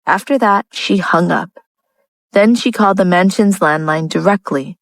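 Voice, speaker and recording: A woman narrating a romance audiobook in a steady, even reading style. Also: lowish voice, normal speed, dry recording, low-quality recording. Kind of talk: scripted narration.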